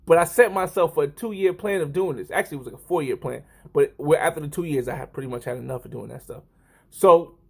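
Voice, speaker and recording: A man's voice: fairly high pitch, vocal fry. A man in his thirties talking casually to the camera, rambling and often correcting himself. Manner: rambling, self-correcting, lively. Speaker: vlogger.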